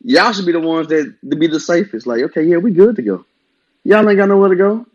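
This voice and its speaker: A man's voice: high-pitched, expressive, quick pace, a little mellow, muffled recording. A man in a casual chat, laid-back and plainspoken.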